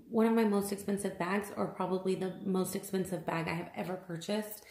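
A woman's voice: medium pitch, moderate pace, hardly any pauses, dark tone. Upset woman vlogging in an echoey room. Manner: upset, exasperated, repeats herself, many fillers. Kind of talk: unboxing vlog complaint.

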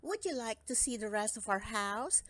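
A woman's voice: fairly high pitch, sing-song, normal speed, a bit bright. A woman reading aloud and voicing an eager, peppery male forest elf.

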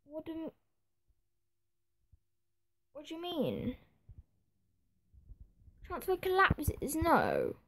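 A woman's voice: high-pitched, huge pitch swings, very slow, gravelly, long pauses. A woman giving running commentary over a football management game, often exasperated and muttering to herself. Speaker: gaming video creator. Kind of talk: gameplay commentary.

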